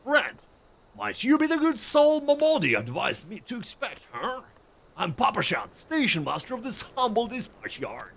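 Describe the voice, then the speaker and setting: A man voicing a humble old male station master in a video game, in a put-on American accent with a raised pitch and a formal, storybook delivery. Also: huge pitch swings, normal speed, creaky, a bit bright, husky, full character voice.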